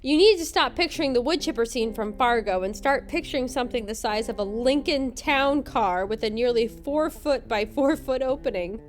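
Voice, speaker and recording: A woman hosting a podcast, narrating a scripted comedic recap in a wry, sarcastic way. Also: fairly high pitch. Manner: wry, sarcastic, quick to laugh. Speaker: podcast host.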